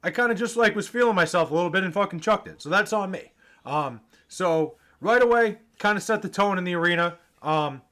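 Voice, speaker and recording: A man tells his stories to the camera in a high, bright voice. He is casual and animated, swears freely and mimics the people he ran into. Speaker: vlogger telling fan stories.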